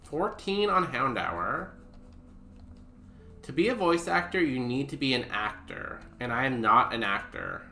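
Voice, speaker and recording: Animated, bright, and forceful, this medium-pitched voice moves a little slowly as a streamer chats over his gameplay with goofy jokes at his own expense. There's music in the background and a roomy echo.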